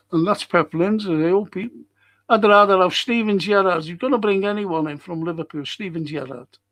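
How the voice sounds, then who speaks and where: Gravelly, blunt-talking man hosting a podcast. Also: high voice, moderate pace, a bit bright. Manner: blunt, swears freely, reads viewer comments aloud. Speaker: podcast host. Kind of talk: casual live-stream fan podcast chat.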